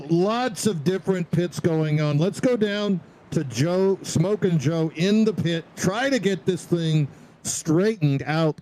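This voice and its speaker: Man, play-by-play race commentator, high voice, excited calls. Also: low-quality recording. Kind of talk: sim racing broadcast commentary.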